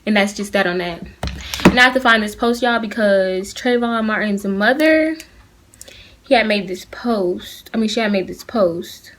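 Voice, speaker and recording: A woman's voice: mid-range voice, moderate pace, fairly bright tone. A teenage girl from Atlanta, speaking earnestly and heatedly straight to her viewers in a casual opinion vlog recorded on a phone. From Atlanta, United States. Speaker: vlogger. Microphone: phone camera.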